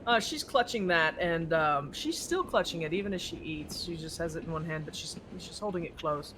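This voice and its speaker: A man's voice: a little high, lively intonation, moderate pace, bright, forceful tone, slight background noise. A man narrating a tabletop horror game as game master, rambling with many restarts. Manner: rambling, full of fillers and restarts.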